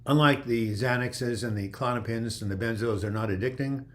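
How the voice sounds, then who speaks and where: A man in a mid-range voice, speaking at normal speed, hosts a laid-back livestream where he reads comments and answers them. He rambles, restarting sentences and saying "you know" a lot.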